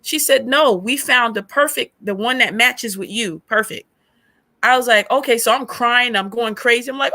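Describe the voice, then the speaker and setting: Bright-voiced woman telling her story. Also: fairly high pitch, moderate pace. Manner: animated storyteller acting out past conversations. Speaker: podcast guest. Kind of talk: emotional personal testimony.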